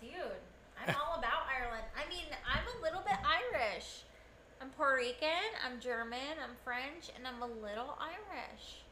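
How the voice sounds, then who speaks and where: A woman's voice: high-pitched, expressive, normal speed, bright, forceful tone. A young woman, a recurring podcast guest, chatting casually, brash and teasing, swearing freely. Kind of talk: casual chat. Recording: echoey room with noise.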